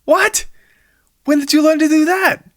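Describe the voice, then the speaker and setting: A man voicing a flustered young male sidekick who keeps asking high, disbelieving questions. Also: huge pitch swings, slow, pushed and bright, full character voice. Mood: baffled.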